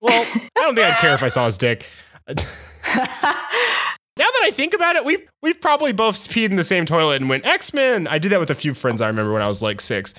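A young man co-hosts a casual podcast, telling rambling, joking stories. His voice sits high and moves lively in pitch. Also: fast. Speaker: podcast co-host. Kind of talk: casual chat.

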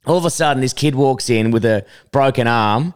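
A young Australian man co-hosting a casual comedy podcast, telling animated, swearing stories with laughs. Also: medium pitch, normal speed, clear, resonant tone. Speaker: podcast co-host.

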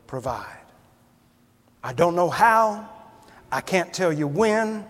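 The preacher is a man with a voice pitched high for his sex, telling homespun stories in a sermon that grows more fervent and emphatic. A large church hall gives everything he says a long, ringing reverb.

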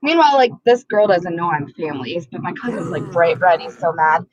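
A woman's voice: lowish voice, animated, fairly quick, dull audio, crowd noise. A woman co-hosting a podcast, telling a story in casual chat and swearing a lot as she acts out the people in it. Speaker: podcast co-host.

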